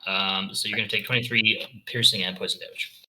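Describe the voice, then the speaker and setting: A man is the dungeon master, giving rulings and narrating the scene, and he often stops to correct himself. His voice is very bright and sits on the low side. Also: fairly even intonation, fairly quick, slight background noise, rough recording. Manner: apologetic, self-correcting rulings. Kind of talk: running a tabletop game.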